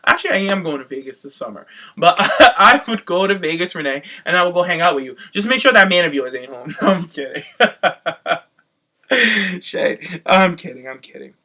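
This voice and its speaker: A man with a bright, slightly high voice recaps a reality show on his podcast in loose casual chat. He is sassy and gossipy, swears freely, and flips into other people's voices as he tells the story. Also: animated, moderate pace. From Cape Verdean heritage.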